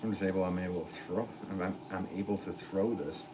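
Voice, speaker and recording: Fans hum audibly in the pottery studio as a man, himself a potter, talks on a livestream. His voice sits low and steady and moves a little fast, and his casual chat wanders, full of ums and false starts.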